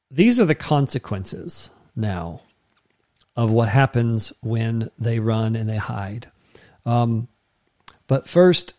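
A man's voice: mid-range voice, darkish tone. A man preaching a sermon as pastor, in a conversational way that keeps checking in with the listeners.

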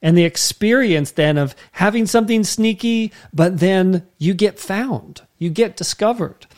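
Conversational male preacher, slightly high. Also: measured pace. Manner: conversational, checks in with "okay?". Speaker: pastor. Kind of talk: sermon.

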